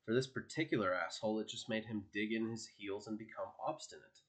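A man narrates an audiobook chapter with a steady, expressive delivery. His voice sits on the low side. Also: fairly quick.

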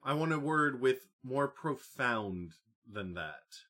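A man voicing a thoughtful teenage girl in an audiobook, groping slowly for words. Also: medium pitch, expressive, sharp tone, voice pushed up. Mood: searching. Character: teen girl, thoughtful, hesitant.

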